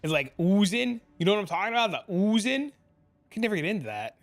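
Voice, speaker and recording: A man's voice: high-pitched, big pitch swings, rapid-fire. A man streaming a game from a home room with a green screen, talking casually and rambling, swearing freely as he answers chat.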